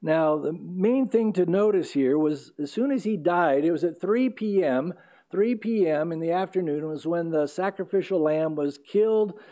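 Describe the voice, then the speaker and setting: A male pastor preaching an earnest expository sermon, pausing on fillers and correcting himself as he goes. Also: fairly high pitch, expressive, warm tone. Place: church sanctuary.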